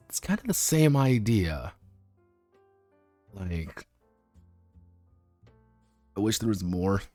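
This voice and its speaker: Guy rambling on a stream, low voice, lots of "like"s and swearing, dry mic. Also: darkish tone, no echo. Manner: rambling, filler-heavy, casually profane. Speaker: streamer reviewing tabletop games. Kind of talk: casual unscripted commentary. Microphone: streaming microphone.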